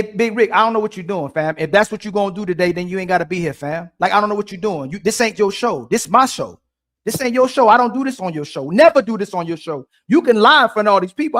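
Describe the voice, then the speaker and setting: A male host of a heated live discussion, his voice sitting unusually high. He talks quickly and keeps repeating the same question until he gets an answer. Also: fairly bright tone. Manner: insistent, repeats questions over and over.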